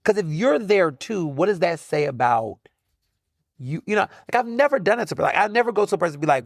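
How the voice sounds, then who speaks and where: A man talks through his own solo podcast in a loose, chatty, slangy way, full of quick asides. His pitch swings widely up and down as he goes. The sound is close and dry, with no room around it. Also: sing-song, creaky, no room sound. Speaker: podcast host. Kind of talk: casual solo podcast monologue.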